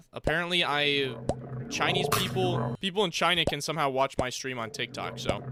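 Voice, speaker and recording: A young man with a fairly high, expressive voice talks at a moderate pace over loud music while streaming a game. He chats casually with his viewers, rambling, joking, and using lots of slang. The recording carries heavy background noise.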